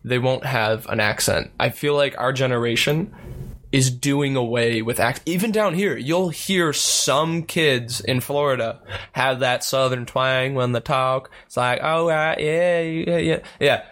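A man's voice: medium pitch, a little slow, fairly bright tone. A young man from Long Island, New York, co-hosting a podcast in loose, chatty talk that drifts into casual swearing. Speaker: podcast co-host. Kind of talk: casual chat.

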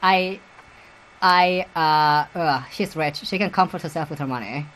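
A woman's voice: low voice, measured pace, fairly bright tone, a little hiss or hum, rough recording. A woman hosting a solo commentary podcast, crude and giggly, rambling with lots of fillers and restarts. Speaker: podcast host.

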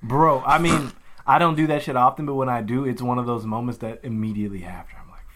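A man's voice: mid-range voice, fast. A man co-hosting a podcast, telling stories in casual chat, swearing freely and acting out what others said. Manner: animated storyteller, acts out others' lines, swears freely. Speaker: podcast co-host.

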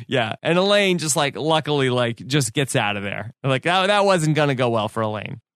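A man's voice: mid-range voice, expressive, moderate pace, a bit bright, smooth, no echo, clean studio sound. A man co-hosting a casual podcast chat, recapping scenes and quoting lines with frequent "like" fillers. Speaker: podcast co-host.

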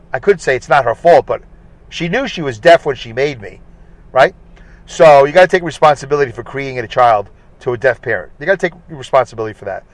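A man's voice: a little high, no echo, low-quality recording. A middle-aged man hosting a casual solo podcast, ranting and complaining irritably from his truck cab. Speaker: podcast host.

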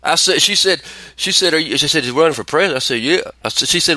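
A man's voice: fairly high pitch, quick pace, few pauses. A man hosting a casual podcast chat, ranting and telling stories with plenty of swearing. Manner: profane, ranting, animated storytelling. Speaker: podcast host.

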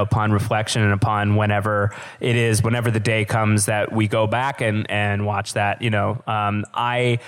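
A man co-hosting a podcast, musing at length with many pauses and restarts, laughing easily. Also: fairly low pitch. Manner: hesitant, lots of fillers and restarts, laughs easily. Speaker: podcast co-host. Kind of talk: casual podcast chat.

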